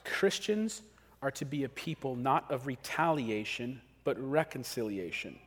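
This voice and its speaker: A man preaching a sermon as pastor, talking casually and acting out quick everyday scenes. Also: medium pitch, expressive. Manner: conversational, acts out quick scenes. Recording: long hall reverb.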